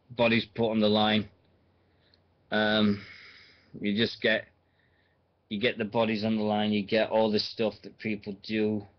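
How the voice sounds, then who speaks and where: A man's voice: fairly low pitch, muffled recording. A man in his forties, hosting a radio show and chatting in a rambling way, full of fillers and restarts. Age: 40s. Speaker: radio host. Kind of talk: casual rambling radio chat.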